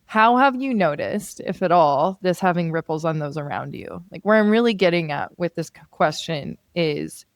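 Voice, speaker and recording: A woman's voice: lowish voice, expressive, moderate pace, hardly any pauses, no echo, clean studio sound. A woman hosting a podcast, interviewing a guest and building long, thoughtful questions. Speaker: podcast host.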